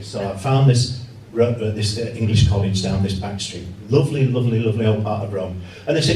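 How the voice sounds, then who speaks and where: A man's voice: fairly low pitch, fairly quick, hardly any pauses, a little hiss or hum. A man, a journalist, telling self-mocking humorous stories as a guest speaker to a laughing audience in a hall. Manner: lively storytelling, self-mocking. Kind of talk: humorous after-dinner talk. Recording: roomy hall heard from a distance.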